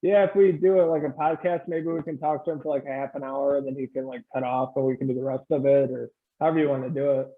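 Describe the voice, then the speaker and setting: A man co-hosting a podcast in casual chat through his earbuds, talking quickly and eagerly. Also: medium pitch, steady tone. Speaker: podcast co-host. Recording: phone-like earbud mic.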